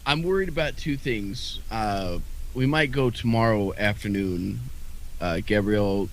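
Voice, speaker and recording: A man's voice: on the low side, measured pace, a little hiss or hum, poor audio. A man co-hosting a podcast in casual chat, talking in a rambling, hesitant way with frequent restarts and the odd swear word. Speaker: podcast co-host.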